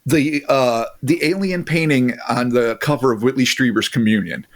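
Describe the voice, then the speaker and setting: A podcast host telling a strange tale in casual chat, reading passages aloud and breaking off for jokes and swearing. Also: male voice, mid-range voice, normal speed.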